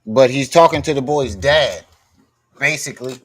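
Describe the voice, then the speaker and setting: A man's voice: medium pitch, normal speed, fairly bright tone, breathy edge. Male streamer, blunt profane reaction commentary. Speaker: live-stream host reacting to clips. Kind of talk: casual live-stream commentary.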